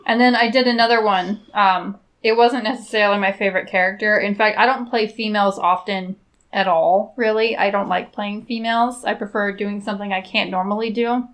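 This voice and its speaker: A woman co-hosting a podcast in casual chat, animated and swearing freely. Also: mid-range voice, fairly quick. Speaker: podcast co-host.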